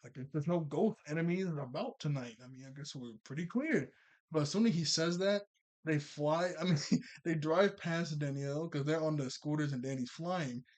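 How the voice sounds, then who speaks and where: Chatty man rambling through an episode recap. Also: a little high. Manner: rambling and chatty, full of filler "like"s and self-corrections. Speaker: cartoon episode reviewer.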